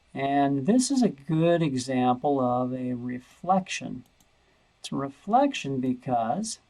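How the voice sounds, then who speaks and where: A man's voice: mid-range voice, vocal fry, darkish tone, low-quality recording. A man teaching a math lesson over a screen recording, thinking aloud and repeating words as he searches.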